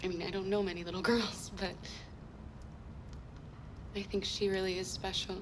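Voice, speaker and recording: A woman's voice: medium pitch, level tone, normal speed, background noise, lightly acted. An actress voicing a protective young woman caretaker in a game, earnest and caring, over game music. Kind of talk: game voice acting.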